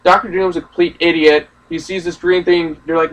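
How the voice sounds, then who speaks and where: A man's voice: fairly high pitch, level tone, brisk, hardly any pauses, fairly bright tone, distant mic, low-quality recording. A young man ranting in a casual, profane, rambling way about a film he just saw. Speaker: movie reaction host. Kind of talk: casual ranting movie discussion.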